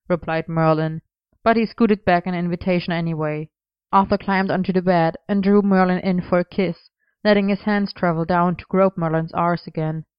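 Smooth, lowish woman reading a story. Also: dry recording. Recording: slightly dull, dry close recording.

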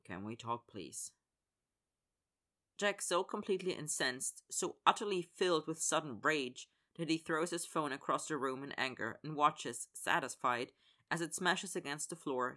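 Reading a fan fiction story aloud as an audiobook, a narrator performs the characters' spoken lines. The voice sits at medium pitch with a bright, forceful tone and a normal pace.

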